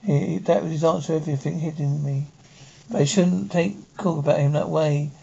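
A woman's voice: sits low, a little fast, vocal fry, mellow, breathy edge, heavily acted. A frightened, timid woman in a 1960s TV drama, pleading and nervous. The old soundtrack sounds dull and lo-fi.

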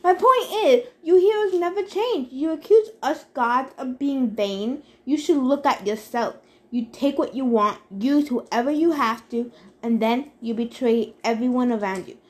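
A woman reads as a haughty storybook immortal, a sneering, bored male wine god serving as camp director, using a high, bright voice that is lightly acted at a measured pace. Coldly disdainful and weary of mortals, he lectures with scorn in a clipped, contemptuous tone.

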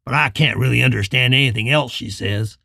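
A man's voice: mid-range voice, brisk, vocal fry, sharp tone, dry recording, clean studio sound, voice pushed down. A man voicing a posse rider who reports back in a matter-of-fact way.

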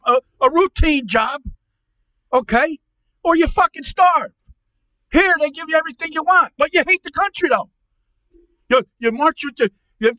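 A furious middle-aged uncle rants at the top of his lungs, played by a man in a put-on voice, his tone very high and sharply bright. He stumbles over repeated words and swears constantly, recorded dry and close to the mic. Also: no room sound, exaggerated voice, rough recording. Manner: yelling, profane, repetitive stammering rant. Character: loud ranting angry middle-aged uncle. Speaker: comedy podcast character.

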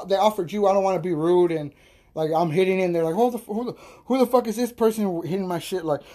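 A podcast host spins a rowdy tale in a loose, profane, laughing monologue. His voice sits high for a man. The tone is soft and mellow, never sharp. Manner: animated, profane, laughing storyteller. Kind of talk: casual storytelling monologue.

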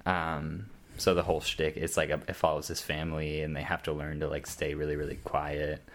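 Very deep-voiced man rambling casually. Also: completely flat delivery, a little fast. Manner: rambling, many fillers and restarts. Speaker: storyteller. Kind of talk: casual podcast chat. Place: podcast setup, in from Grand Rapids.

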